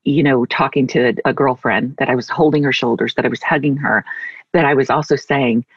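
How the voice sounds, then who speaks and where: A middle-aged woman author talks in a heartfelt, reflective way with a husky tone. Her voice comes through dry and slightly dull, like a remote recording. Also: extremely low pitch, steady tone, a little fast, no echo. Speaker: author guest. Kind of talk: conversational interview.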